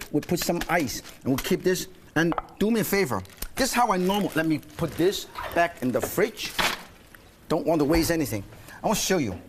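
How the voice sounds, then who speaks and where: Older guy demoing a recipe, high bouncy voice, faint hiss behind. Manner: exuberant, playful, laughs a lot, broken English. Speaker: TV cooking show host. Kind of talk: cooking demonstration. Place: TV kitchen studio.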